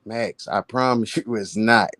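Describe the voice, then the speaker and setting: A man's voice: on the low side, unhurried, pushed and bright, no room sound. A man joining a live stream as a caller, playfully insisting in casual chat.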